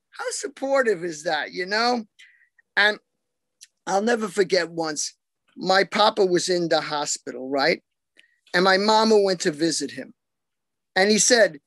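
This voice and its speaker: A man from New York doing deadpan, self-mocking stand-up one-liners over a video call. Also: high voice, unhurried, no echo. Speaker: comedian.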